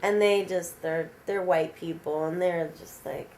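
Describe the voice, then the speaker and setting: A woman telling an original vampire story aloud in a casual, animated, rambling way, with many fillers. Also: on the low side, a little slow, slight background noise.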